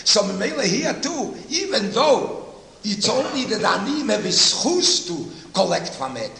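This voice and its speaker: A man with a high, lively voice teaching Talmud in a sing-song lecture style, going over each point twice and slipping Hebrew and Aramaic terms into his English. His voice has a gravelly rasp, and it rings in a large, echoey hall with a faint hum behind it. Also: unhurried, crowd noise. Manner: explains step by step, repeating key phrases.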